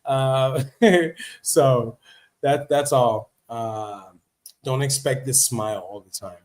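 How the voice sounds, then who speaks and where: A man's voice: mid-range voice, steady tone, slow, a little mellow. Chatty American-style male livestream host. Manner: chatty and emphatic, repeats points, reads and comments on notes. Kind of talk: casual livestream monologue. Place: living in Vietnam.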